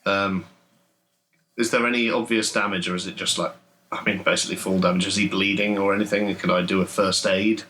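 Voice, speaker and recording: A man's voice: deep voice, fairly even intonation, brisk, sharp tone, slight background noise. A man playing a tabletop game in a loose, joking way. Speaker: player. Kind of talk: casual tabletop play.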